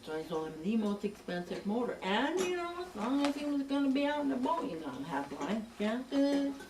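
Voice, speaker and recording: A woman telling a long joke story in an animated, chatty way, stammering and adding asides as she goes. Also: high-pitched, a little fast. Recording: echoey room, distant mic, background noise.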